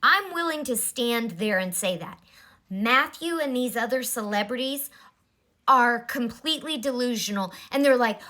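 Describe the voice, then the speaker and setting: A woman's voice: on the high side, animated, moderate pace, bright, forceful tone. A woman in her forties giving a blunt, exasperated commentary in a vlog. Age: 40s. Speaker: vlogger.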